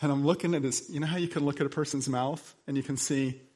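Man, pastor, sermon, somewhat high voice, dynamic delivery, chatty storytelling asides. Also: fairly even intonation, quick pace. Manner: dynamic delivery, swinging between soft lows and emphatic highs.

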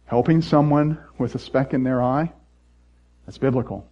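A middle-aged man preaching a sermon as pastor, playful and animated, jumping from loud mock voices to quiet earnest asides. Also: medium pitch, moderate pace, muffled recording.

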